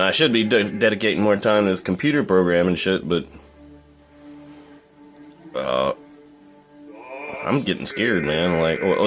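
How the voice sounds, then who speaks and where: A young man talking in a casual, profane, rambling rant as a vlogger. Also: sits low. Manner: profane, blunt, rambling with fillers. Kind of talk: casual ranting monologue.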